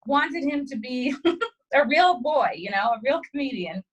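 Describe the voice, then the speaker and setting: A female comedian on a podcast, telling a story in a casual, animated way and acting out what people said. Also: high voice, a little slow, breathy edge, rough recording. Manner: animated storyteller, acts out quotes, swears freely. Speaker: comedian guest.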